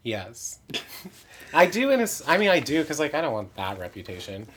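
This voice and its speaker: A man's voice: on the high side, very animated, normal speed, a bit bright, breathy edge. A man who performs in drag, chatting candidly in an interview with many "like" fillers and self-mocking asides. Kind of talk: casual interview chat.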